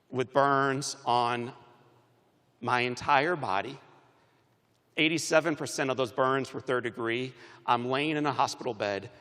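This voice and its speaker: A man giving a commencement speech, telling stories with animated shifts between loud and soft, recorded in a large arena. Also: medium pitch, smooth, big-room sound. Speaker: commencement speaker. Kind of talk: motivational speech.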